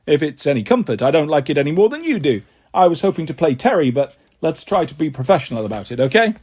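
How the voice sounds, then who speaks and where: A man voicing a calm, smug male gibbon actor who speaks in a low, soothing voice. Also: quick pace.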